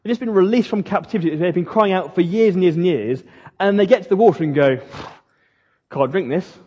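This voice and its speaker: A man's voice: sits high, expressive, fast, dark tone, husky. Man preaching in an echoing hall. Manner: conversational, with slips and restarts. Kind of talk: sermon. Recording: dull lo-fi sound in a reverberant hall.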